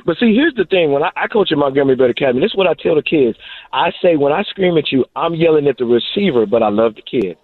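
Fast-talking man on a phone line. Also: fairly high pitch, no echo. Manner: animated storytelling, emphatic. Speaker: former wide receiver and coach, phone guest. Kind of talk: casual sports radio chat.

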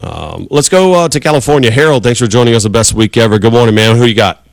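A man's voice: medium pitch, expressive, fast talker, creaky, dry recording. A man hosting a sports talk radio show, chatting casually and rambling with restarts. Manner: rambling, conversational, many restarts.

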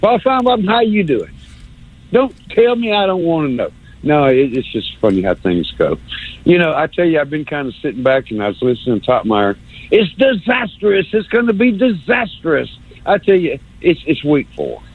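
Male caller, sarcastic stammering rant, slightly high voice, heard over a thin phone line. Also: very animated, moderate pace. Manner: sarcastic, stammering, pitch jumps for mocking quotes. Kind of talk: rambling call-in rant. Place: phone call into radio show.

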